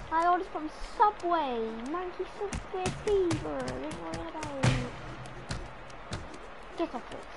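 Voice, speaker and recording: A woman's voice: high voice, a little slow, gravelly, noisy background. A woman playing a video game and chatting to herself in a silly, rambling, joking way. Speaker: gamer. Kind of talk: casual gameplay commentary. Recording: game music playing behind.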